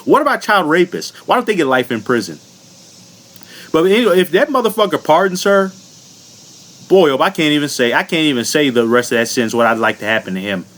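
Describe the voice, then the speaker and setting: A man's voice: a little high, very animated, fairly quick, a bit bright. A man from the United States delivering a furious, profane political rant into the camera as a vlogger, blunt and unfiltered. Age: adult.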